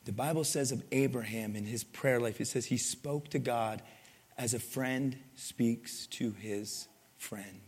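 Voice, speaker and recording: A man's voice: medium pitch, unhurried, a little mellow, slightly rough. A man preaching a sermon in a conversational way, often asking his listeners for an amen. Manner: conversational, asks the crowd for amens. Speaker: pastor. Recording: long hall reverb.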